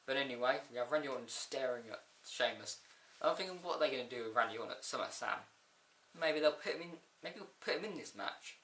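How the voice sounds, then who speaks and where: A man giving a rambling, excitable casual video review of a wrestling show. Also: mid-range voice, quick pace. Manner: excitable, rambling, with frequent fillers and outbursts. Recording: echoey room.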